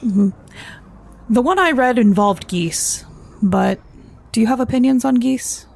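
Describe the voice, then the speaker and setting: A woman playing a tabletop game, talking in calm, curious questions. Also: a little high, a little slow, creaky. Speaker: player. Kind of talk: casual tabletop roleplay.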